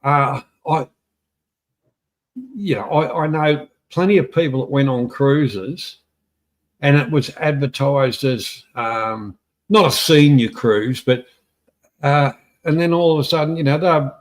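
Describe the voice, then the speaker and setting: A man co-hosting a podcast, speaking haltingly with repeated words and a blunt way of putting things. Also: medium pitch. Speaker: podcast co-host. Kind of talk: casual chat.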